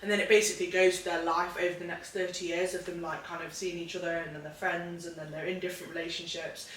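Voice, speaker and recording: A woman co-hosting a podcast, talking quickly and eagerly, often restarting her sentences. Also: fairly low pitch, flat delivery, slight background noise. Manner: quick, enthusiastic, self-interrupting. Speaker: podcast co-host. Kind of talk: casual chat. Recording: echoey room, mic at a distance.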